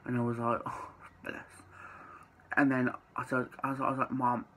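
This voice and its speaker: A man's voice: medium pitch, flat delivery, fast talker, fairly bright tone, a little hiss or hum, rough recording. A young man, telling a personal story to camera in a chatty way, with lots of "like" and casual swearing. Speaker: vlogger.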